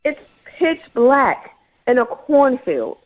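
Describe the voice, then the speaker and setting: A woman's voice: high-pitched, very animated, slow pace. A woman calling in to a radio show, indignant and exasperated, talking dramatically about a bad date. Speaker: caller. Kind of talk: emotional phone call. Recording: lo-fi phone line.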